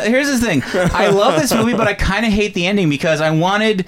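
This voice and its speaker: A man co-hosting a casual movie podcast, retelling scenes and ranting about the ending in a voice that jumps high when worked up. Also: a little fast, a crowd in the background. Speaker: podcast co-host. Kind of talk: casual movie recap chat.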